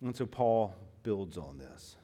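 Slow and sing-song, a man with a voice that sits low preaches as a pastor. The sermon is impassioned, ranging from hushed tones to loud emphasis, and he refers to listeners as dear friends and beloved.

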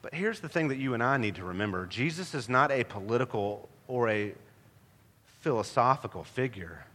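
Animated, bright-voiced preacher man. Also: mid-range voice, moderate pace. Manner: emphatic, animated preaching with rhetorical questions. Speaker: pastor. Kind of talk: sermon. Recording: long hall reverb.

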